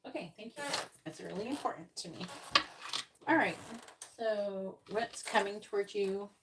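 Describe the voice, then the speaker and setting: A mid-range female voice with lively intonation leads a live-stream psychic reading, addressing viewers and slowly repeating and spelling out signs, letters and numbers. She sounds a little exasperated when correcting them. The audio is roomy, from a slightly distant mic with faint noise.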